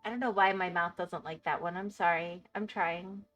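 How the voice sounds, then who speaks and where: A woman's voice: on the low side, steady tone, normal speed, fairly bright tone, soft background music. A woman with a Florida accent chatting casually with her stream chat, laughing often and apologizing when she stumbles over words.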